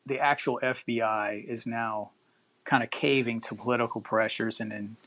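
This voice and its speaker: Man, podcast host, live-stream chat, reads news aloud, profane asides, mid-pitched voice. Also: fairly even intonation, moderate pace, fairly bright tone. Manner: loose, profane, chatty asides.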